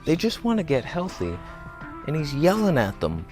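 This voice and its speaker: A man's voice: on the high side, huge pitch swings, moderate pace, darkish tone, soft background music. A man talking to camera outdoors about health in a casual, joking vlog, with self-mocking asides. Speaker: vlogger. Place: outdoors, walking by a road.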